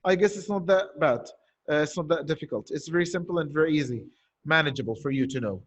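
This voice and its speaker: A man's voice: on the high side, quick pace. A male teacher giving an online poetry lesson, explaining step by step and asking and answering his own questions. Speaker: primary school teacher.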